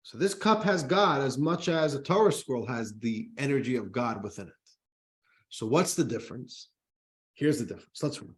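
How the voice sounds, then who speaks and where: Animated rabbi teaching a class. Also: male voice, medium pitch, normal speed. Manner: animated teacher, reads text aloud then explains. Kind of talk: Torah class lecture. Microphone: microphone in front of him.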